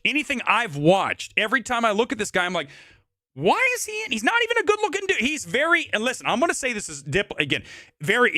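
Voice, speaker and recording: A man's voice: high-pitched, sharp tone, no room sound, studio quality. A man hosting a live movie-talk stream, ranting in a brash, profane, mocking way.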